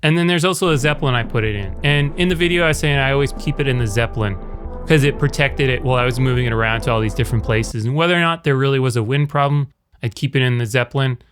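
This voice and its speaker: A man casually talking through a microphone review, rambling and correcting himself as he tests how it sounds up close and from further back in a quiet room. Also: mid-range voice, quick pace, music in the background. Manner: rambling, self-correcting, demonstrates by talking at different distances. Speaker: video creator reviewing a microphone. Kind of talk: casual gear demonstration. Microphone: shotgun mic on camera, near and far.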